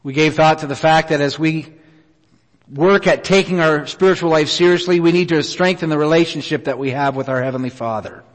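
A middle-aged man preaching a sermon, telling a personal story in an earnest, unhurried way with many pauses. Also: a little high. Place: church auditorium. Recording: reverberant hall.

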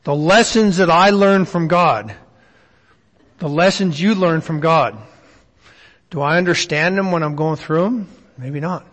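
A man with a somewhat high voice teaches a Bible study in an easy, conversational way. He keeps turning to his listeners with questions. His voice rings with the long reverb of a hall. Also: measured pace, pauses often, a bit bright.

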